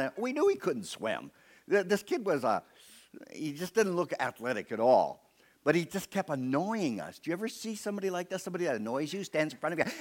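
A man's voice: a little high, sing-song, brisk, a bit bright. A man preaching a sermon to his church as pastor, telling a personal story and putting on voices for the people in it.

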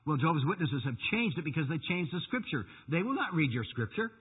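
A man preaching a fiery radio sermon, stressing words slowly and emphatically. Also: fairly high pitch, big pitch swings, breathy edge, in a large hall. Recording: tinny phone-like radio broadcast.

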